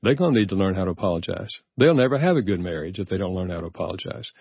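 Earnest older man, low husky voice. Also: lively intonation, very fast, no echo, dull audio. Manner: earnest, reflective, easy chuckles. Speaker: guest author. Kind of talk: personal storytelling in a radio interview.

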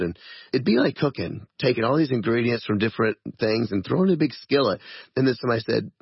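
A man's voice: medium pitch, expressive, fast talker, vocal fry, husky, no echo. A man being interviewed as a guest on a radio show, answering in a self-deprecating way and laughing as he talks. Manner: self-deprecating, laughs often while talking. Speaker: guest musician. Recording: dull lo-fi radio studio sound.

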